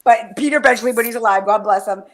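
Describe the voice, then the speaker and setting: Talking fast in a fairly high voice, a podcast host leads an easygoing fan chat. Her enthusiasm spills into rambling and swearing, and she frequently lets sentences trail off unfinished.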